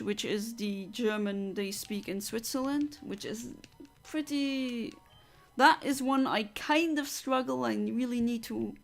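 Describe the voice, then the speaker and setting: A woman's voice: on the high side, vocal fry. A woman from Luxembourg, chatting casually as a streamer and reading out viewer comments, reflective with frequent fillers and restarts.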